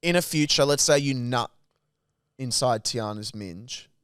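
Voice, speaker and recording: A man's voice: medium pitch, measured pace, fairly bright tone, clean tone, dry recording, clean studio sound. A young Australian man co-hosting a podcast, telling stories crudely and animatedly with lots of swearing. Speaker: podcast co-host. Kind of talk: casual chat.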